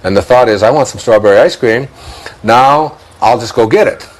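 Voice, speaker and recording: A man's voice: mid-range voice, moderate pace, rough recording. A man with a Detroit accent, speaking as a guest in a reflective spiritual interview, musing aloud, chuckling often and repeating words as he thinks.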